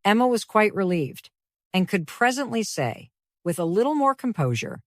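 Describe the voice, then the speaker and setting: A woman narrating a classic novel in a measured, even reading voice. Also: medium pitch, no echo, clean studio sound.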